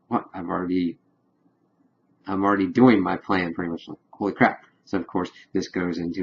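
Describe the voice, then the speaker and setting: A man giving a casual spoiler review of a TV episode, rambling and excitable as he retells scenes with quick paraphrased quotes. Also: fairly low pitch, muffled recording.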